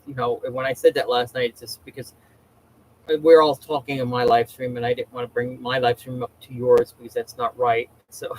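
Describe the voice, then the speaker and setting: Casting: man, everyday mid pitch, casual livestream host, rambling chatter, faint noise behind. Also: level tone, moderate pace, poor audio. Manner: rambling, chatty, many restarts.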